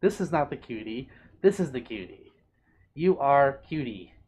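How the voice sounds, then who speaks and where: A playful man talks casually on a live stream and reads chat messages aloud. His voice is doting and bubbly, with sudden high swoops on greetings and names. It is relaxed, easygoing streamer chatter, close to a desk microphone. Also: moderate pace, a little hiss or hum. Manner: playful, doting, bubbly, with big pitch swings. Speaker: livestreamer reading chat.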